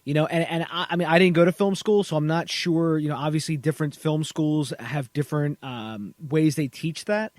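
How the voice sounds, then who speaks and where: Rambling podcast host man, higher voice. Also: normal speed, hardly any pauses, a little mellow, no echo, studio quality. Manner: rambling, many restarts and "you know"s. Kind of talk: casual interview chat.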